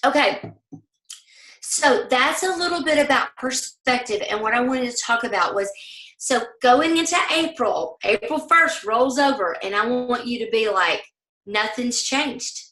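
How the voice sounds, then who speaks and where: A woman from the American South with a Southern accent, leading a motivational team call and talking fast, acting out the voices in people's heads. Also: fairly high pitch, lively intonation, a bit bright, reverberant, rough recording. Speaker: team leader.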